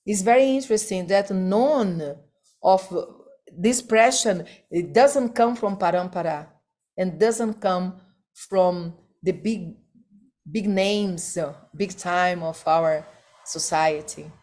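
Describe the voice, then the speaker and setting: Slow, emphatic woman giving a devotional class. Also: fairly low pitch, a little mellow. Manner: slow, emphatic, rhetorical questions, non-native phrasing. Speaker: spiritual teacher.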